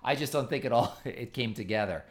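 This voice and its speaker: A man's voice: mid-range voice, fairly quick. A man co-hosting a casual chat, opinionated and exasperated as he rants about TV awards. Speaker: podcast co-host.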